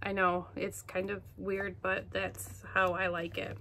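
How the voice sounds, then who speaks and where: In a chatty show-and-tell vlog recorded at home, a woman gushes about her things with plenty of fillers, sounding out of breath. Her mid-range voice keeps a level tone, comes across pushed and bright, and moves a little slowly.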